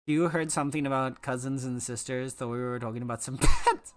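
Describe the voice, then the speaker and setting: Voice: mid-range voice, a little fast. A live streamer chatting casually with viewers, playful and teasing, with mock-dramatic complaints. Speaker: live streamer talking to chat.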